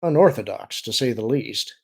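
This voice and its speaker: A man voicing a shrewd, calculating middle-aged smuggler chief who talks smoothly and persuasively in an audiobook. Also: mid-range voice, expressive, moderate pace.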